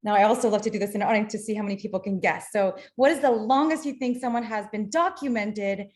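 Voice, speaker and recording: A woman's voice: mid-range voice, fast talker, a little mellow. Middle-aged woman, webinar lecturer, practical, explanatory, computer mic. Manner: explanatory, practical, apologetic when slides fail. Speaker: nutrition lecturer. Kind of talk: webinar presentation.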